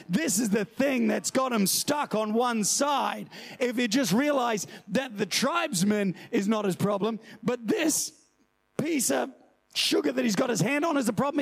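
A man preaching a lively sermon to his church, telling stories and jumping into high shouted voices when he quotes people. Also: vocal fry, breathy edge. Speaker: pastor.

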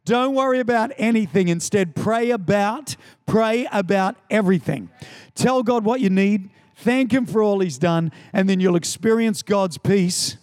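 A man preaching a sermon, animated and emphatic, with storytelling and repeated lines. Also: high-pitched, unhurried, clean tone. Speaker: pastor.

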